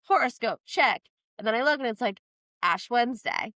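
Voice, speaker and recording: A woman co-hosting a podcast, telling a personal story in casual chat, animated and full of "like" fillers. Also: fairly high pitch, fairly quick, no echo. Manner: animated, quotes herself in lively voices; frequent fillers "like". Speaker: podcast co-host.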